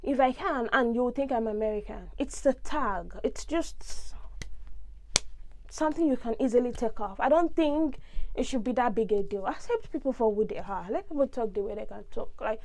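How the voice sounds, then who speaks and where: A woman's voice: a little high, normal speed, a little hiss or hum. A young woman from Nigeria with a Nigerian accent, talking expressively in a casual vlog monologue. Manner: expressive, ranting, big swings in tone. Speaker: vlogger.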